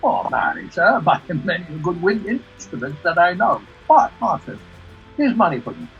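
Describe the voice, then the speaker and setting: A cheeky clown, as a man puts him on in a put-on British accent. His pitch swoops all over as he trades playful puns. The audio is dull video call sound. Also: sing-song, moderate pace, faint music behind. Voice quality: playful, punning. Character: joking male clown, cheeky.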